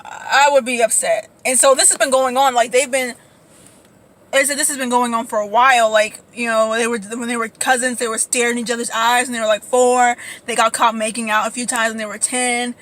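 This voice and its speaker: A woman ranting casually as a commentator, blunt, profane and animated. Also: fairly high pitch, brisk, poor audio. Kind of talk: casual reaction rant.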